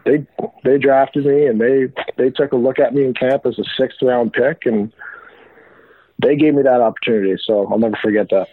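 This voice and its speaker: A man calls in as an interview guest, his husky voice coming through a thin, dry phone line. He reflects slowly, circling back and restarting his thoughts as he talks. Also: mid-range voice, steady tone, dry recording. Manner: reflective, many restarts and fillers. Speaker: guest, former pro hockey player. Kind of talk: casual interview chat. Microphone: phone call.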